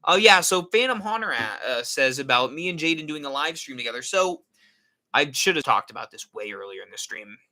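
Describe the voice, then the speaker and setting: A man's voice: fairly high pitch, expressive, fairly quick, sharp tone. A man hosting a casual live stream, rambling and answering viewer comments. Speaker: horror channel host.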